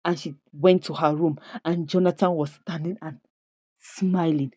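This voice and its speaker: A woman narrates the latest twists of a comedy series like gossip, judging the characters and asking rhetorical questions. Her voice is mellow and soft-edged. The sound is dry and close, with no room around it. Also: deep voice, fairly even intonation, measured pace, slightly rough, no echo. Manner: dramatic, judgmental, rhetorical questions. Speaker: series recap commentator. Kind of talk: storytelling recap of a comedy series.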